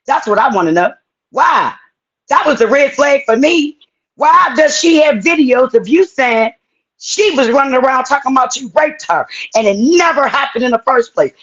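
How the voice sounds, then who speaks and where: An angry woman speaking, hammering a man with pointed questions on a live stream. Her voice is husky and a little breathy. The audio sounds muffled and lo-fi. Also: high voice, animated, normal speed, a bit bright. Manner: angry, confrontational, profane. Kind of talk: heated live-stream confrontation.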